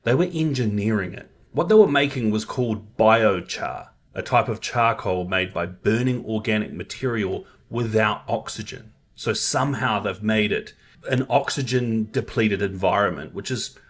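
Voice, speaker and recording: A man with a lowish voice narrating a science explainer. He talks in a punchy, enthusiastic way. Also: normal speed, breathy edge.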